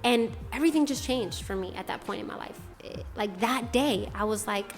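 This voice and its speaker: Speaking over music, a young Boston woman recounts her personal story on her channel's testimony vlog in a casual, rambling way, leaning on "like" and other fillers. Her fairly high voice moves fairly quickly with few pauses.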